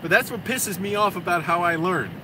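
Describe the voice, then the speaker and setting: Profane ranting man over air conditioning hum. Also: sits high. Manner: profane, rambling, quick to vent. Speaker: vlogger. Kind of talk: rambling casual monologue. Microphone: phone camera.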